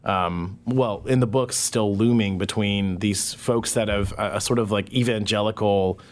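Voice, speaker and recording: A man talking as a podcast guest, thoughtful and hesitant with many pauses and fillers. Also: fairly low pitch, steady tone. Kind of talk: casual conversation.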